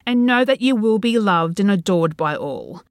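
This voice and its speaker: A calm, ancient body-stealing entity, put on by a woman narrating a horror story, speaks with soothing, coaxing patience that sinks into a low hush. The voice rises and falls with a lively pitch. It sounds dry and close. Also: normal speed, dry recording, close to an everyday voice.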